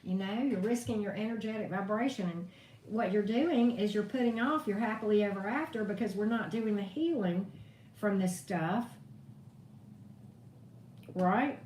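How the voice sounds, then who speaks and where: A woman's voice: mid-range voice, normal speed, a little mellow. A woman reading tarot on a live stream, venting in a blunt, profane way. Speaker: tarot reader. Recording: echoey room, distant mic, faint noise.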